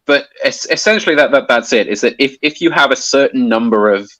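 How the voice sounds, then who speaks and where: A man's voice: mid-range voice, fairly quick, bright, forceful tone, no room sound, rough recording. A man explaining a topic in casual conversation, hesitant with many restarts and fillers. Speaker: guest explaining poetry.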